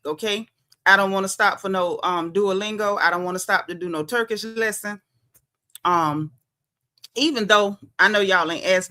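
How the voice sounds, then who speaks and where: Bright-voiced sassy Southern woman. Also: mid-range voice. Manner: chatty, sassy, greets viewers by name. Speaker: livestream host. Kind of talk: casual livestream chat.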